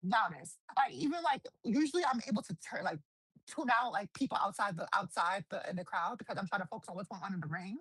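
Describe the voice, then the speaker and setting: A woman, a guest wrestler, telling stories in a casual interview, animated, swearing freely and acting out quotes. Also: mid-range voice, fast talker, slightly rough, no room sound, rough recording. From New Jersey.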